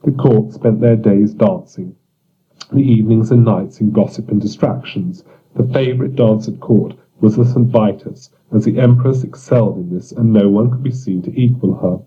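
A man narrating surreal fiction in a measured, deliberate audiobook reading. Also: lowish voice, dark tone. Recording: dull lo-fi recording.

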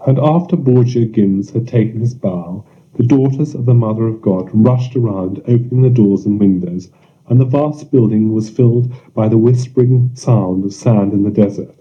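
A man narrating surreal fiction in a measured, deliberate audiobook reading. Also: on the low side. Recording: dull lo-fi recording.

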